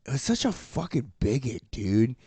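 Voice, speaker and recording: A man's voice: medium pitch, normal speed, husky, no room sound. A man talking in an easy, mid-range voice, riffing on TV episodes with lots of swearing and bursts of laughter. The sound is dry and close, with no room around it. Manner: excitable, swears a lot, laughs while retelling scenes. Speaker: podcast co-host. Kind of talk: casual pop-culture chat.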